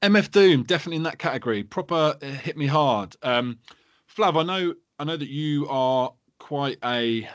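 A man hosts a podcast in loose, laddish banter. He swears freely and laughs through his own stories. His voice sits mid-pitch and sounds dry and close to the mic. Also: moderate pace, no echo, highs cut off. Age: 30s. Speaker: podcast host.

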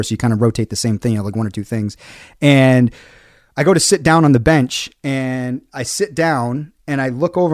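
A man's voice: medium pitch, a little mellow, no room sound. Guy on a podcast rambling through a story, lots of uhs and likes, dry close sound. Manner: rambling, many fillers and restarts. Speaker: podcast co-host. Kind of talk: casual storytelling chat.

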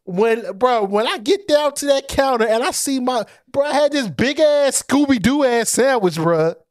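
A man co-hosting a podcast, telling a story in casual chat, animated and profane, often laughing as he goes. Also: very high-pitched, moderate pace, no echo, clean studio sound. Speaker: podcast co-host.

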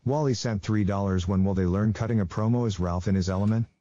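A low, dark-toned man reads viewer messages aloud in a plain, steady delivery. His voice comes through slightly dull and lo-fi, on a dry mic. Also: fast, no echo. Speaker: co-host reading donations.

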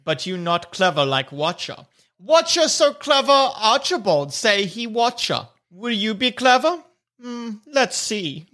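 A man voicing a pompous, boastful male kobold leader who speaks in slow, broken, self-important phrases. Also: high-pitched, very animated, bright, forceful tone, pitched above the performer's own voice, exaggerated voice.

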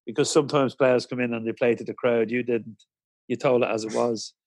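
A man's voice: mid-range voice, fairly even intonation, a little fast, a little mellow, dry recording. A man hosting an interview, speaking directly and conversationally to his guest. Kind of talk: casual interview.

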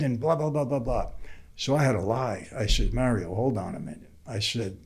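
Older New man, mid-pitch, a guest who acts out every voice in his stories. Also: moderate pace, slightly rough. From New York. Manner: animated, acts out the other people's lines. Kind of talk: storytelling in conversation.

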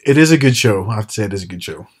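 A man's voice: lowish voice, expressive, rapid-fire, slightly rough. A man chatting casually as a podcast co-host, retelling TV scenes with quoted lines. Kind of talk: casual chat.

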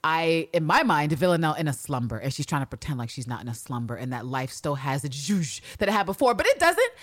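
A woman co-hosting a podcast, recapping a TV episode in casual, animated chat, swearing freely and acting out characters' lines. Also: sits low, quick pace, no room sound. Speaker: podcast co-host.

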